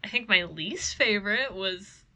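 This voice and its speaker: A young woman co-hosting a casual podcast, chatting with dry, deadpan humor and frequent laughs. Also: mid-range voice, unhurried. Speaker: podcast co-host. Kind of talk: casual chat.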